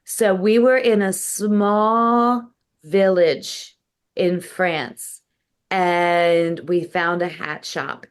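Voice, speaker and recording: A woman's voice: fairly low pitch, clean tone. A woman comedian from the United States, telling stories as a guest in a casual interview. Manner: storytelling, animated.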